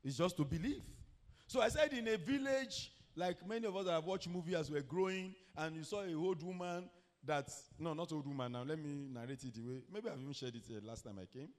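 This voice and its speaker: A middle-aged man preaches in a fairly high voice. He tells a story, throws rhetorical questions at the congregation and bursts into loud, drawn-out cries between quieter stretches. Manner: storytelling with sudden shouted peaks and rhetorical questions. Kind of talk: sermon.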